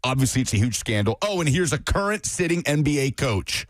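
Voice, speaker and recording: A man co-hosting a sports talk radio show, animated and bantering. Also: mid-range voice, fairly quick, no echo, studio quality.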